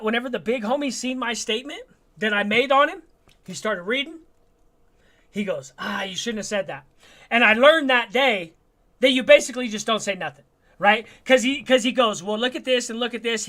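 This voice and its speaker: High-voiced streetwise man telling stories. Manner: streetwise, swearing, animated storyteller. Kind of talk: casual storytelling chat.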